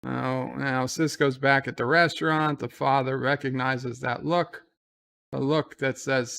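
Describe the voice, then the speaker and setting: A man's voice: mid-range voice, steady tone, unhurried, creaky, a bit bright. A man giving casual live commentary on a TV episode, retelling the scenes in a chatty way. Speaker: show commentator.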